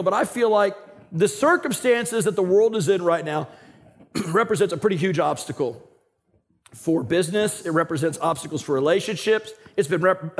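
A male pastor preaching a sermon in a conversational, animated way, swinging between loud emphasis and quiet asides. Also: high voice.

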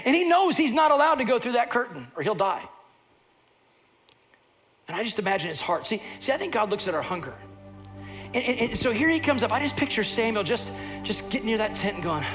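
Older male preacher, high voice, animated storyteller, sermon delivery. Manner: animated storyteller who acts out scenes. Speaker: pastor.

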